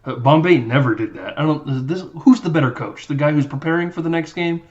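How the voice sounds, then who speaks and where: A man's voice: fairly high pitch, fairly quick, muffled recording. A man hosting a podcast, recapping a movie in casual, rambling chat and acting out lines in silly voices. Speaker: podcast host.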